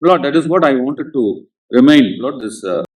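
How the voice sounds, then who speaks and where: A man's voice: medium pitch, expressive, moderate pace. A man with an Indian English accent arguing a case before a court, addressing the bench as Lord at almost every phrase, in an insistent courtroom manner. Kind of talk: courtroom legal argument. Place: large courtroom. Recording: echoey courtroom sound from a distance.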